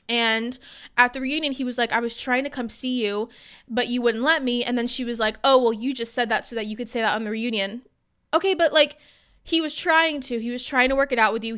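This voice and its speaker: A woman's voice: fairly high pitch, bright, forceful tone, smooth. A young woman in her twenties co-hosting a podcast, ranting heatedly in casual chat with lots of fillers. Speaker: podcast co-host.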